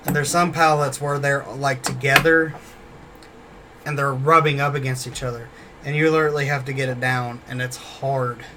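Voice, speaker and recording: A man's voice: mid-range voice, little pitch movement, moderate pace, background noise. A man telling a casual story about a former job, rambling and swearing often, repeating himself as he goes. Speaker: former store worker.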